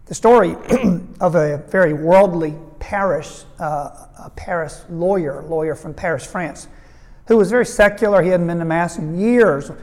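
Earnest priest preaching in a reverberant hall. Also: male voice, on the high side, measured pace, a little mellow. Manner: storytelling, voicing quoted people; earnest, fervent emphasis. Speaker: priest giving a retreat talk. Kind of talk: retreat talk to an audience. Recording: long reverb of a large hall.

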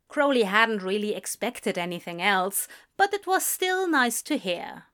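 A woman reading a story aloud, narrating in an unhurried, expressive way. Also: medium pitch. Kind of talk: reading fan fiction aloud.

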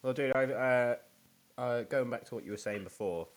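A young man, chatting casually in an excitable, jokey way and swearing. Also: mid-range voice, moderate pace. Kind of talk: casual chat.

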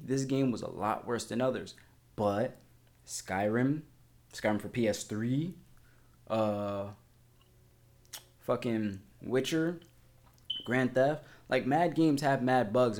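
A young man chatting casually about a video game, rambling excitedly with lots of slang, filler words and casual swearing. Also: mid-range voice. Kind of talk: casual gaming vlog chat.

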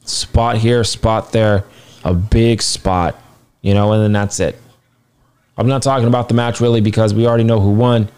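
A man's voice: lowish voice, little pitch movement, fairly quick, a little mellow, clean tone. A man casually reviewing a wrestling show, blunt and rambling, swearing now and then, sounding tired. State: tired, yawning.

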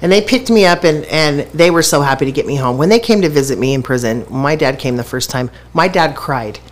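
Frank, animated woman telling stories. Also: deep voice, a little fast. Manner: animated, frank, swears freely. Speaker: guest. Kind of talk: casual storytelling.

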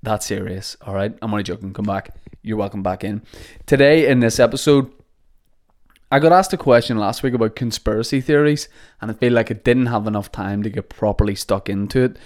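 A man's voice: fairly low pitch, a little fast, darkish tone. A young man hosting a podcast, rambling and joking with plenty of swearing. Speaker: podcast host. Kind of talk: casual comedic monologue. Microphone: podcast microphone.

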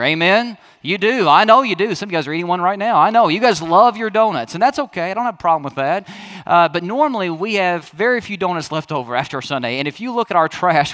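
A man's voice: on the high side, fairly bright tone. A man in his thirties, a pastor preaching a sermon in a chatty, storytelling way that speaks straight to the congregation.

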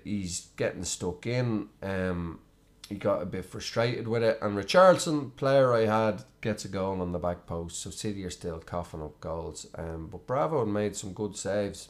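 A man hosting a casual football chat, rambling and chatty with frequent ums. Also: fairly low pitch. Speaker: host.

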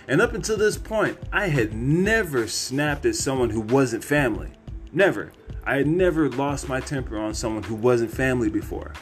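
A man's voice: mid-range voice, expressive, moderate pace, faint music behind. A man hosting a podcast, telling a personal story in a candid, rambling way with plenty of cursing. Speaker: podcast host.

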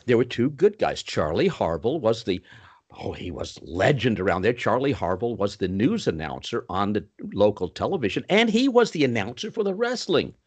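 An older man telling stories as an interview guest, animated, with sudden pitch swoops. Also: fairly quick, slightly rough. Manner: puts on Southern voices for quoted people. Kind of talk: storytelling in a podcast interview.

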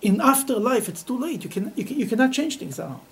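A man teaching a Talmud class to students, telling stories in an animated way and laughing often. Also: very high voice, quick pace, noisy background. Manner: animated, laughing, Yiddish-sprinkled storytelling.

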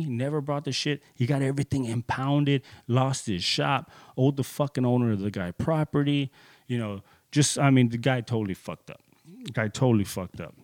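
A man in his thirties telling a personal story in casual, profane speech, getting heated and jumping into higher voices when he quotes people. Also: normal speed, darkish tone, no echo.

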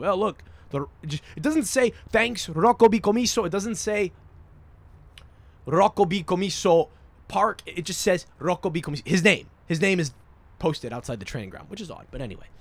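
A man hosting a solo podcast, rambling, profane and excitable, jumping between topics and often checking in with "you understand?". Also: a little high. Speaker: podcast host.

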